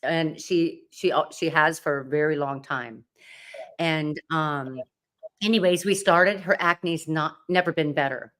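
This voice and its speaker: A woman in casual conversation whose voice sits on the lower side. She is chatty and laughs easily, with some casual swearing. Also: measured pace, a bit bright. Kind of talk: casual chat.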